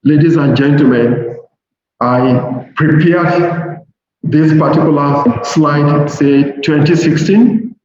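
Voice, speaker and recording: A middle-aged Nigerian-accented man delivers a university seminar lecture in a slow, deliberate manner, leaning on key words. His voice sits a little high for a man. It booms around a very reverberant hall and comes through dull and lo-fi with a faint hiss. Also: darkish tone. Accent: Nigerian English. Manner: measured, deliberate, slows to stress key points. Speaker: professor giving a seminar lecture. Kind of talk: academic lecture reading from slides. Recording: very echoey hall, dull lo-fi sound, faint noise.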